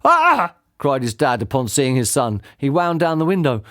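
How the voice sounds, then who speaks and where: A man reading a children's book aloud as an audiobook narrator, with expressive delivery. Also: mid-range voice, a little fast, no echo, studio quality. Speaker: audiobook reader. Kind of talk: storybook narration.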